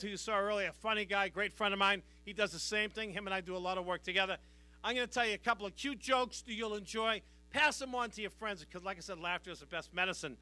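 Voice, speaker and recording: A man's voice: sits high, pushed and bright. A man doing stand-up jokes at a charity event, with a brash, punchy delivery. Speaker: stand-up comedian. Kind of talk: stand-up jokes and comic song.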